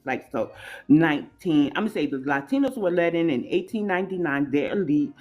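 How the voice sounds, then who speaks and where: A woman speaking on an online panel, talking casually with rhetorical questions. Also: sits low. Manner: conversational, rhetorical questions, many fillers.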